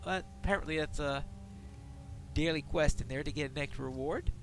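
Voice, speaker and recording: A man's voice: on the high side, a little fast, creaky, over music. A man giving casual gameplay commentary, chatting and explaining the game mechanics as he plays.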